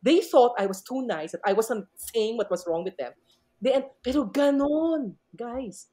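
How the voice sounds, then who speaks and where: A middle-aged woman with a Filipino accent, a math teacher telling animated stories as a podcast guest and switching between Tagalog and English. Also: on the high side, unhurried. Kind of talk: casual podcast storytelling.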